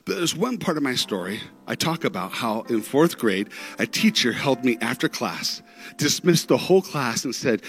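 A man preaching a sermon through stories, dramatic, with big swings in pitch and loudness. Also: sing-song, moderate pace, faint music behind. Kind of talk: sermon storytelling.

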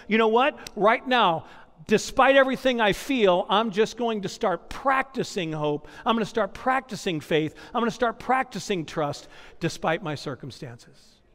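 A man's voice: high voice, lively intonation, normal speed, fairly bright tone. A man preaching a sermon as pastor, building points through repetition and personal stories. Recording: long hall reverb.

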